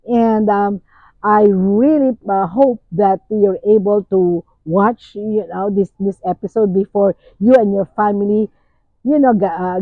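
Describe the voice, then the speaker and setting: An older woman from the Philippines, hosting and sharing memories in a slow, musing way with many fillers. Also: medium pitch, no room sound. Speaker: host. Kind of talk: casual reflective talk. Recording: tinny phone-like sound.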